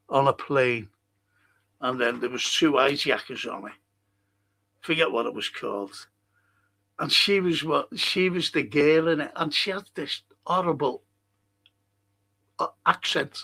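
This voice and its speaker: A man's voice: a little high, gravelly, fairly bright tone, breathy edge, no room sound. A man hosting a football fan live stream, rambling casually and swearing now and then as he reads out and answers viewer comments. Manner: rambling and chatty, wanders off topic.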